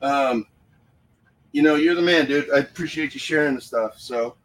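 A man's voice: medium pitch, normal speed, far from the mic, a little hiss or hum, poor audio. A man hosting a casual live stream from a room at home, fired up and profane, talking into his phone. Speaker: paranormal livestream host.

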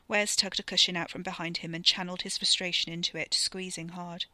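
Bright-voiced woman reading a story. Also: fairly low pitch, fairly even intonation, brisk, hardly any pauses, no echo. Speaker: narrator. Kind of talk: scripted narration of a story podcast.

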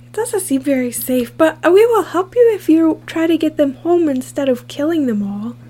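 A woman's voice: high-pitched, lively intonation, normal speed, dark tone. A woman voicing a proper young girl scout in an improvised tabletop game, scolding and lecturing the adults. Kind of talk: improvised tabletop role-play.

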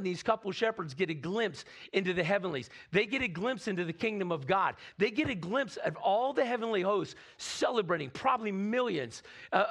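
High-voiced man preaching animatedly. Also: breathy edge. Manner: animated, conversational preaching with frequent "right?" asides. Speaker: pastor. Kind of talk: sermon.

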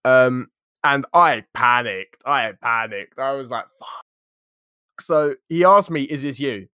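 A young man co-hosting a podcast, telling a story in a lively, jokey, slangy way. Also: mid-range voice, takes it slowly, smooth, no room sound, clean studio sound. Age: young adult. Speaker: podcast co-host. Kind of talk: casual storytelling chat.

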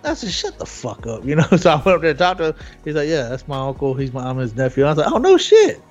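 A man's voice: a little high, fairly even intonation, very fast, muffled recording, soft background music. A man in his forties telling profane, laughing stories as co-host of a casual podcast. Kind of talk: casual chat.

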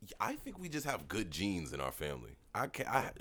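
A man's voice: low voice, wildly swooping pitch, a little fast, pushed and bright. A man co-hosting a podcast in loose, joking casual chat, laughing often. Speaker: podcast co-host.

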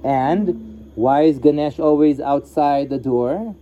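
Over a phone-quality line with slight hiss or hum, a man with a slightly high voice speaks slowly, giving a live satsang talk as a yoga teacher. He tells a story casually, acting out the characters' lines in voiced asides.

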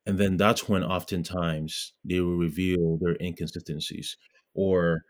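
A man's voice: sits low, level tone, unhurried. A man from Ghana, a guest in an interview, talking earnestly with lots of fillers and restarts. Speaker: guest, pro-life blogger. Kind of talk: casual interview talk.

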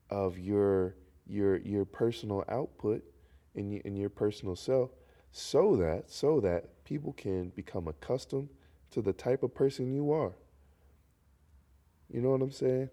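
A young man from North Carolina hosting his own solo podcast, talking in a rambling, jokey way while congested. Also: fairly low pitch. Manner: rambling, animated, jokey asides. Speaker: podcast host. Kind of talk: casual solo podcast monologue.

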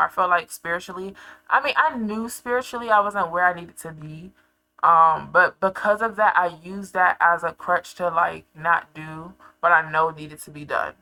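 A young woman talks straight to her audience in a casual confessional vlog. Her voice has a gravelly fry on a low-pitched base, yet it comes across bright and sharp. She tells her story with animated flair and laughs easily. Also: normal speed, rough recording. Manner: animated storytelling, laughs often, acts out her past self. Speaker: vlogger.

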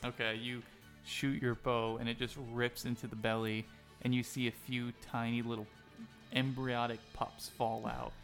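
A man's voice: medium pitch, flat delivery, moderate pace, vocal fry, fairly bright tone. A man narrating a tabletop game as game master, in a casual, crude, rambling way. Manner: casual, crude, filler-heavy. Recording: faint music behind.

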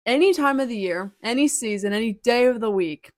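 A woman's voice: fairly high pitch, animated, brisk, no room sound, studio quality. A young woman co-hosting a podcast, talking in a laid-back, teasing way. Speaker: podcast co-host. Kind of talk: casual chat.

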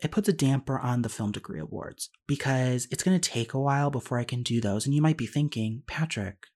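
A man hosting a solo podcast, talking very fast in a rambling, self-deprecating way. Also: medium pitch, darkish tone. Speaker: podcast host.

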